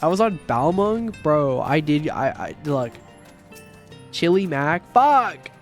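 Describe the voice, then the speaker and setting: A man's voice: on the high side, lively intonation, faint music behind. Profane, rambling male game streamer. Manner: profane, rambling, quick bursts of shouting. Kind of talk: casual livestream chat while gaming.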